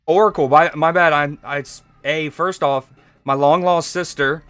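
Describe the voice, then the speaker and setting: A man's voice: fairly high pitch, steady tone, normal speed, a bit bright, clean tone, no room sound. A man from Georgia, casually chatting with viewers and joking while he streams a card game. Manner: laid-back, joking, chatting with chat while playing. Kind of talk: casual live-stream chat.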